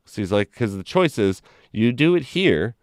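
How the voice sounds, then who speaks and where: A man's voice: medium pitch, very animated, moderate pace, no room sound, studio quality. A man in casual chat, telling a long rambling story full of "like" and acting out the people in it. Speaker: gaming stream host.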